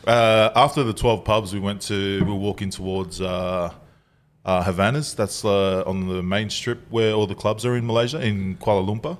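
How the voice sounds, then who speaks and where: A man's voice: lowish voice, steady tone, normal speed. Laid-back man telling a story. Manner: laughing, swearing, acts out quotes. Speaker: podcast co-host. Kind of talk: casual storytelling chat. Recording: faint background noise.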